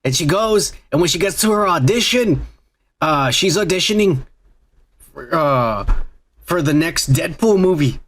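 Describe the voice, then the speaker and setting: A man's voice: fairly high pitch, lively intonation, unhurried, a bit bright, slight background noise. A man hosting a podcast, telling a crude, rambling story full of swearing and "uh" fillers. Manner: rambling, profane storytelling with frequent "uh". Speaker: podcast host. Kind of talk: crude casual chat.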